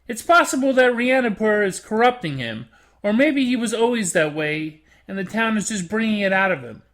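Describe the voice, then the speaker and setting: A host narrating a scripted anime review in an expressive, animated way. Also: medium pitch, moderate pace.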